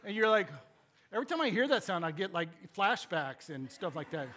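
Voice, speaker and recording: Male pastor, higher voice, loose funny storyteller who drifts into scripture. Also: a little fast. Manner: animated, joking, rambling with restarts. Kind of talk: sermon with personal storytelling.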